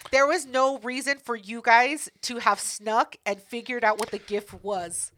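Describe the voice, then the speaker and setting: A woman co-hosting a podcast, chatting casually with quick, teasing retorts. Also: a little high, fairly even intonation, a bit bright. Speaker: podcast co-host. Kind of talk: casual chat.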